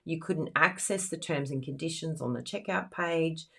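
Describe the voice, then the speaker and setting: A woman with a notably low voice talks through a card-making demo in a loose, rambling way. She piles on fillers and breaks into laughter often, keeping it casual and conversational. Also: normal speed, creaky, pushed and bright, breathy edge. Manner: chatty and rambling, with frequent fillers. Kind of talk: casual chat during a crafting demo.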